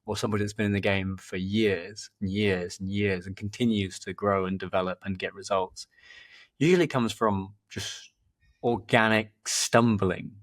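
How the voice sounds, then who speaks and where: A man's voice: on the low side, moderate pace. A man, hosting a podcast and telling stories in a loose, rambling conversational way. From England. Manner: rambling, repeats words, lively when telling anecdotes. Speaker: podcast host and performance coach. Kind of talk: casual conversational storytelling.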